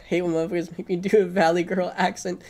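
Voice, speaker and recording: A man's voice: high voice, flat delivery, fairly quick, darkish tone. Casual swearing male game streamer. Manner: casual, rambling, swears often. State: sleepy, yawning. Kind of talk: game stream chat and narration.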